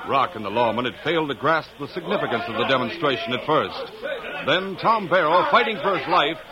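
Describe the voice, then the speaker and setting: A man's voice: a little high, animated, fairly quick, over a noisy crowd. A man narrating a 1940s radio drama with vivid, dramatic storytelling. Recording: dull old radio, loud hiss.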